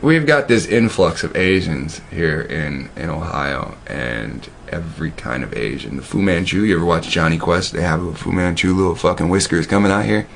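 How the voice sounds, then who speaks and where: A man's voice: deep voice, expressive, moderate pace, vocal fry, hardly any pauses, a bit bright, a little hiss or hum. A man telling profane, meandering stories in a casual monologue, often restarting his sentences. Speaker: video host. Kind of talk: casual rambling storytelling.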